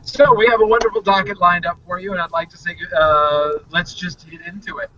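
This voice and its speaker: A man hosting a casual live show from inside a moving car, joking and rambling with excitement. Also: high voice, brisk. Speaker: podcast host. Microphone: mobile hotspot link from the car. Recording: dull, distant car-mic sound with road noise.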